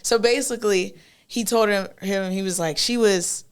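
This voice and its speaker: A woman's voice: mid-range voice, moderate pace, smooth. A young woman, a podcast guest, telling a story in casual chat and acting out the people in it. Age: young adult. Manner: lively storyteller, acts out quoted voices.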